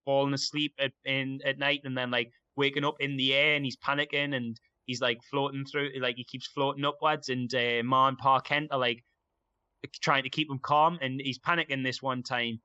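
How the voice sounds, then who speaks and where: A man's voice: mid-range voice, level tone, normal speed, pushed and bright, smooth, no echo, highs cut off. A young man chatting casually and enthusiastically, rambling with lots of fillers. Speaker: podcast guest. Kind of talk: casual chat.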